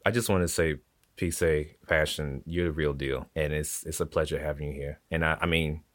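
Deep-voiced earnest male host. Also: fairly even intonation, normal speed, dry recording. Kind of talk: casual interview chat.

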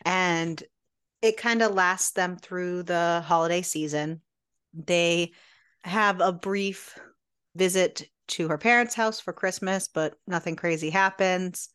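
A woman co-hosting a casual podcast with a slightly low, smooth voice. She summarizes the story at a slow pace and stretches out her words as she goes. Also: a bit bright. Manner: measured summarizing, drawn-out words. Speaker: podcast co-host. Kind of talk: casual book discussion.

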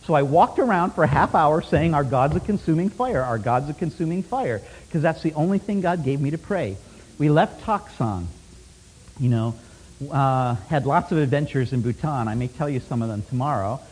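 A man preaching a sermon as a lively story, laughing often and swinging from loud bursts to hushed asides. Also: a little high, moderate pace, slight background noise. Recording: long hall reverb.

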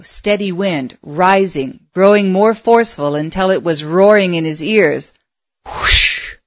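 A woman narrating a story aloud in a measured, expressive way. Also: fairly low pitch, dry recording. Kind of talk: audiobook narration.

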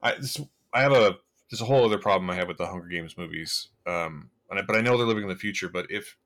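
Male co-host, lower voice, loose and meandering film chatter. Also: quick pace, a bit bright. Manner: rambling, filler-heavy, amused. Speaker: podcast co-host. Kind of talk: casual movie review chat.

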